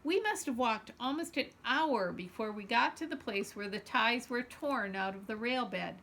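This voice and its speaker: Storytime reader: woman, bright and high-ish, expressive children's book narration. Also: moderate pace. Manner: expressive first-person storytelling. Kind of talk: reading a children's novel aloud.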